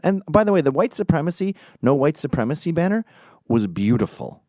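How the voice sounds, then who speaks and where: A man's voice: a little high, very animated, a little fast, mellow, dry recording, clean studio sound. A man hosting a podcast, telling a story in a mocking, profane way and acting out the quotes. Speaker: podcast host. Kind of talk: casual storytelling monologue.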